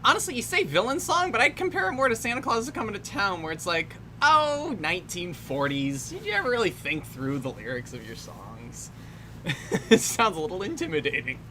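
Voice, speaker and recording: A woman's voice: medium pitch, very animated, brisk, bright, forceful tone. A young woman giving casual, wry commentary over a film, laughing often and trailing off mid-sentence. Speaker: commentary host. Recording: faint background noise.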